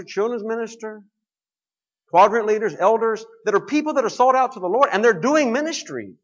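A man's voice: high voice, fairly bright tone, husky, lo-fi sound. A man preaching a sermon to his congregation, explaining scripture in a conversational way.

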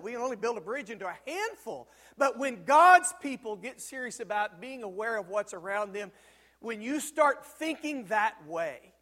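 A male pastor preaching a sermon, telling stories with emphatic swings from loud peaks to quiet, low moments. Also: long reverb tail. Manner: storytelling, emphatic, rises to loud peaks then drops low. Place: church sanctuary.

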